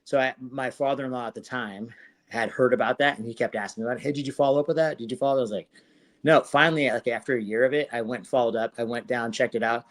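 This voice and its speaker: Fast-talking man telling fight stories. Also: medium pitch. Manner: profane, animated retelling with quoted dialogue. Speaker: podcast guest, former fighter. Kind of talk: casual interview storytelling.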